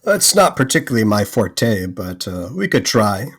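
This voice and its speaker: A man playing a tabletop game, making laid-back, quick remarks. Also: lowish voice, sing-song, fairly bright tone, slightly rough. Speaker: player. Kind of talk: tabletop play.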